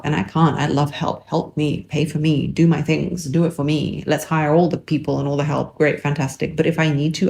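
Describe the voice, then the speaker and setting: A woman's voice: deep voice, fairly even intonation, normal speed, gravelly, warm tone, husky. A woman in her thirties with a cold, hosting a podcast from a parked car, talking in a chatty, rambling and self-mocking way. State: has a cold. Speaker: podcast host. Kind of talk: casual monologue to listeners. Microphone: makeshift mic setup.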